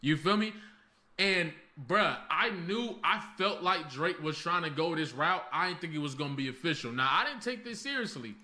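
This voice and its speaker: A man's voice: on the high side, expressive, normal speed, pushed and bright. A man giving casual reaction commentary, emphatic and full of slang and trash talk.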